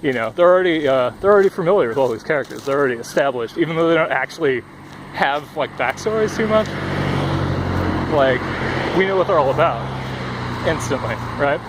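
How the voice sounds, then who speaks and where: Here a young man's voice sits on the high side, lively and fairly quick, as he vlogs outdoors while out of breath. He swears plenty and fills gaps with fillers throughout a rambling, casual monologue. A headphone cord mic records him by a busy road, faint traffic and passing cars audible behind him.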